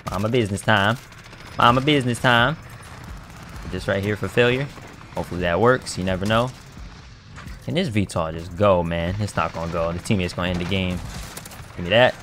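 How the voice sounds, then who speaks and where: Man, very low voice, gravelly, slangy live gameplay commentary, excitable, trash-talking. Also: fairly quick, slight background noise. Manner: excitable, talks trash to other players, bursts into shouts; casual slang-heavy banter. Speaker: gaming YouTuber.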